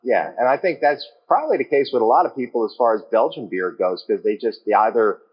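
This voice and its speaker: A man being interviewed as a guest in his own brewery, answering in a calm, measured way with frequent fillers. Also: medium pitch, slightly rough, muffled recording.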